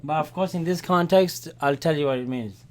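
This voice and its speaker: A man teaching a Quran class, explaining vowels step by step and checking in with his students. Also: on the high side. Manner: repeats Arabic words slowly and loudly, checks in with "right?". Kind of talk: classroom Arabic lesson.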